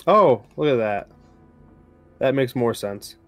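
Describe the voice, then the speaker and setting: Dry-miked game master. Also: male voice, mid-range voice, slow pace, no room sound, soft background music. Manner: relaxed, hesitant with frequent ums. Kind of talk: narrating a tabletop game.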